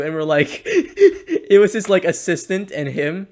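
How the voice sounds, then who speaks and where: Young male podcast co-host with a slightly high voice, chatty and giggly. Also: sing-song, unhurried. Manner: laughs often while telling stories. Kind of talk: casual chat.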